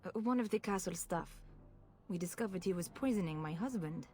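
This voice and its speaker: A woman's voice: on the low side, animated, fairly quick, darkish tone, close to an everyday voice. An actress playing a frightened noblewoman and mother in a video game, speaking in an anxious, hesitant, pleading way. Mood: fearful.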